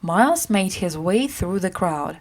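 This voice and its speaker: A woman reading a simplified classic story aloud for English learners, acting out the characters as she goes. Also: unhurried. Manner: acts out characters with lively pitch.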